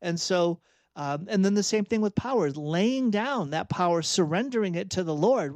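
A man's voice: high-pitched, expressive, moderate pace, no echo. A man giving an earnest, emphatic spoken reflection on Catholic faith, repeating phrases for emphasis. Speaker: Catholic speaker and author.

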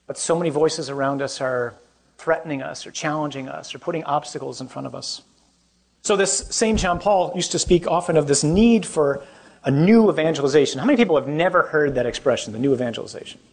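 Man, priest, talk to young adults, fairly high voice, conversational, questions to the crowd, joking asides. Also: creaky. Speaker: Catholic priest.

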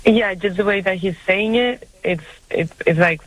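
A man's voice: high voice, fairly bright tone, rough recording. Hesitant man calling into radio. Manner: hesitant, halting. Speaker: caller. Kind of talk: phone-in conversation.

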